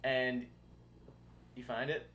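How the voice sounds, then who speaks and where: A man's voice: medium pitch, level tone, takes it slowly, a bit bright, slight background noise. A man co-hosting a podcast, chatting casually, swearing freely and laughing often in exasperated banter. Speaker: podcast co-host.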